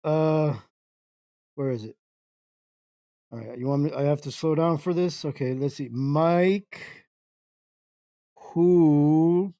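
A man's voice: on the high side, mellow, no room sound. A man hosting an internet radio livestream, jokingly reading chat comments aloud and stumbling through words in playful confusion.

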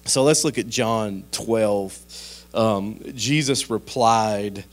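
A pastor delivers a sermon in a relaxed, folksy storytelling manner, now and then bursting into animated outbursts. His voice sits lowish and he speaks slowly.

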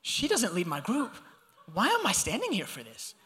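Bright, high-voiced young man preaching. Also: moderate pace, husky. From Georgia, US. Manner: animated, conversational, addresses audience directly. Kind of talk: sermon with personal storytelling.

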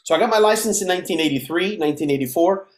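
A man in his fifties from the United States, a podcast guest telling his life story in a lively way and acting out the voices of the people in it. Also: high-pitched, racing. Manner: animated storyteller who acts out dialogue. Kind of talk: casual storytelling interview. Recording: roomy echo.

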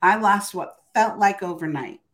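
A woman's voice: medium pitch, normal speed, fairly bright tone. An older woman, an author and interview guest, telling her story in a casual, emphatic way and often tagging her sentences with "right?". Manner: emphatic, keeps adding "right?".

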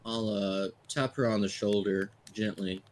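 Low, flat-voiced male player. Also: a little slow. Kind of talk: tabletop role-play.

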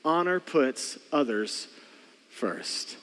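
A man preaching a sermon as a pastor, earnest and repetitive, often dropping to soft quiet tones to stress a point. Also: a little high, lively intonation, very slow, big-room sound. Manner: earnest, repeats phrases, drops to soft quiet tones for emphasis.

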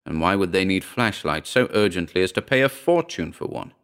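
A man narrating a short story in a steady, measured reading. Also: deep voice, clear, resonant tone.

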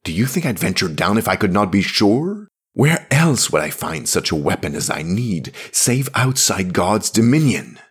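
A man reading aloud, voicing a proud, defiant warrior woman who speaks firmly and forcefully. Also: low-pitched, sing-song, normal speed, few pauses, slightly rough, full character voice. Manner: firm, forceful, resolute. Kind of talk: dramatic audiobook reading.

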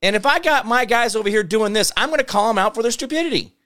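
A man's voice: sits high, lively intonation, fast talker, bright, forceful tone. A man hosting a political commentary show, ranting sarcastically and mocking others with put-on voices. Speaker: host.

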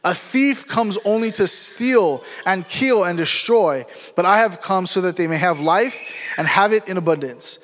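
A man reading a scripture passage aloud in a measured, formal way during a church service. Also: high voice, expressive, fairly bright tone. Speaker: scripture reader. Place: church sanctuary. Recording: long hall reverb.

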